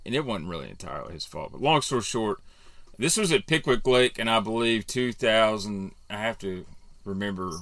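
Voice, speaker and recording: A man in his thirties telling a long fishing story in a casual, animated way, with swearing and self-deprecating asides. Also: fairly low pitch, fairly quick, dry recording. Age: 30s. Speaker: podcast panelist.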